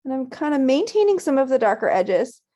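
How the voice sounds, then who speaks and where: A woman teaching a virtual painting class, guiding students gently step by step at a close mic. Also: high-pitched, sing-song, brisk. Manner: gentle, encouraging step-by-step guidance. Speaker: painting instructor.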